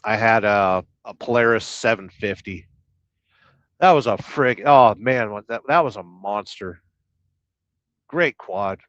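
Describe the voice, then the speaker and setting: A man's voice: on the low side, a little slow, pauses often, fairly bright tone, no room sound, dull audio. Joking male trucker on a livestream. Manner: jokey, rambling, reads chat aloud. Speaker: livestream host, truck driver. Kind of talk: casual live-stream chat. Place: truck, waiting to unload.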